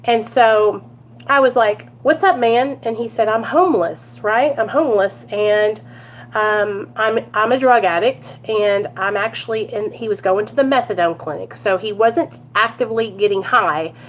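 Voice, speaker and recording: A woman's voice: mid-range voice, a little slow, a little hiss or hum. A woman chatting at home to her viewers, telling a story and calling them you guys and y'all. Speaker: recovery vlogger.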